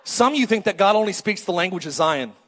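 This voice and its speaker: Joking high-voiced male pastor. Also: fast talker, big-room sound. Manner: animated, joking, calls for crowd response. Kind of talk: sermon.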